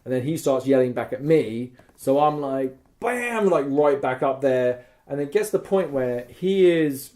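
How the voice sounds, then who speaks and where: A man's voice: mid-range voice, moderate pace, few pauses, dark tone. A man co-hosting a podcast, animatedly retelling a live roleplay event, swearing freely and making gunshot noises. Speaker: podcast co-host.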